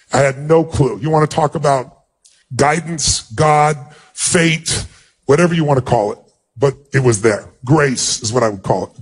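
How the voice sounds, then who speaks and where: A man speaking as a motivational speaker, telling an emotional personal story to an audience in an earnest way. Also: breathy edge. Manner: earnest, emotional storytelling, pitch jumps up when acting out dialogue.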